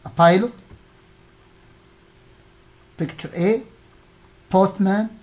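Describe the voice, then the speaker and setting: A woman teaching an English lesson, reading out exercise answers one by one with pauses. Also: medium pitch, darkish tone, low-quality recording. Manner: slow, deliberate, pausing after each answer.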